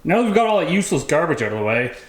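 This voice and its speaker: Rapid-fire and very animated, this Canadian vlogger has a voice on the high side as he jokes his way through building a drag lawnmower. It's a casual workshop vlog from his home garage, offhand and mildly profane, recorded with echo and faint background noise.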